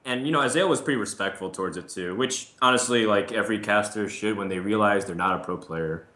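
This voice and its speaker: A man chatting on a gaming panel, animated and talkative, slipping into quick impressions of others. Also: fairly low pitch, echoey room. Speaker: Hearthstone caster. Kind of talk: casual panel chat.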